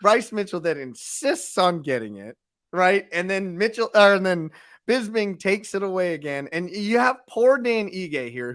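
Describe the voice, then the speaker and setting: Lively high-voiced man recapping a fight. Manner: expressive storyteller, emphatic. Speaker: co-host, sports commentator. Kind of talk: casual sports talk.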